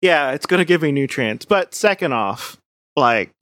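A woman in casual comedic podcast chat, rambling and animated, with playfully dark humor. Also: sits low, normal speed, dry recording.

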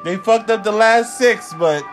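A man's voice: high voice, unhurried, soft background music. A young man with a New Jersey accent co-hosting a podcast, arguing brashly and swearing. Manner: brash, argumentative, swears a lot. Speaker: podcast co-host. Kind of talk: casual banter.

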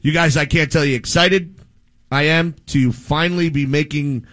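A slightly high-voiced man hosting a sports talk show, full of energy and jokes. He rambles happily from one bit to the next in loose, casual chat. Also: steady tone, normal speed, fairly bright tone. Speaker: radio show host.

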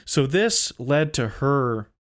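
A man's voice: mid-range voice, very animated, slow. Man, casual podcast co-host, easygoing storytelling, laughs a lot. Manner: laid-back storyteller, laughs often. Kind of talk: casual chat.

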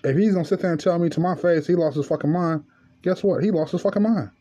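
Profane storytelling man, dark lo-fi voice. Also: a little high, fast. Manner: profane, storytelling, rising to angry rant. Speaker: podcast host. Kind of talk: casual monologue.

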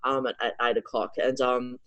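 A middle-aged woman, a guest on an interview, telling a personal story in a casual, animated way with frequent restarts. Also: rumbling low, normal speed, muffled recording.

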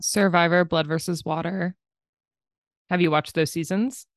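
A woman's voice: lowish voice, steady tone, measured pace, dry recording. Playful woman co-host, dry close sound. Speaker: podcast co-host. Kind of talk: casual chat.

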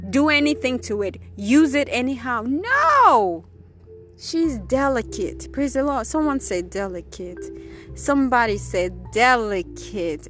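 A woman preaching an emphatic sermon in a high, ringing voice. She punctuates her points with repeated praise phrases. Soft music plays faintly underneath.

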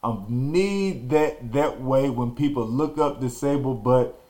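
Male podcast host, casual storyteller, animated delivery with acted-out quotes. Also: mid-range voice, slow. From Texas. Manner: animated, acts out quotes and sound effects.

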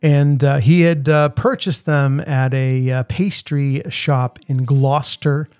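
A man's voice: medium pitch, fairly even intonation, takes it slowly, darkish tone, clean tone, no room sound, studio quality. A middle-aged man with a Boston accent, telling a story in a casual, rambling podcast monologue full of fillers and restarts. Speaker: podcast host, street photographer.

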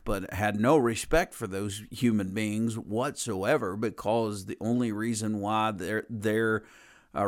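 A man preaching a conversational sermon in an earnest, plain-spoken way, often repeating and restarting his phrases. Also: on the low side.

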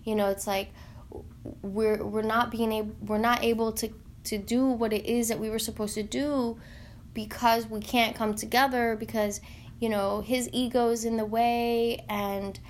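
A woman in an earnest, heartfelt spiritual monologue, halting and searching for words with many fillers. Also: a little high, flat delivery, slight background noise.

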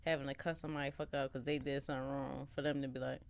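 A woman's voice: a bass voice, little pitch movement, rapid-fire, a crowd in the background. A woman co-hosting a podcast in casual chat, blunt and profane, who drops in short, punchy interjections. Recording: clear hiss and clicks on the line.

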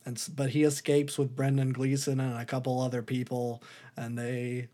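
A man's voice: mid-range voice, completely flat delivery, normal speed, warm tone. Laughing, rambling male podcast host. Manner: rambling, laughing, breaks into put-on voices for quotes. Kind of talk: casual podcast chat, recapping a movie.

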